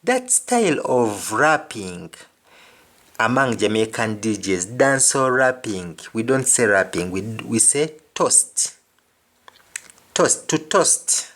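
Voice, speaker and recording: A man's voice: medium pitch, sing-song, slow pace, a bit bright. A man teaching vocabulary, explaining each word and repeating phrases and examples. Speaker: language teacher.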